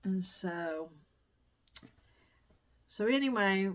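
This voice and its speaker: A woman's voice: medium pitch, lively intonation, very slow. A middle-aged woman chatting casually in a home vlog, wandering off topic and coming back. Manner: chatty, digressive. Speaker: vlogger. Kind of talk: casual chat. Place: dining room used as sewing room.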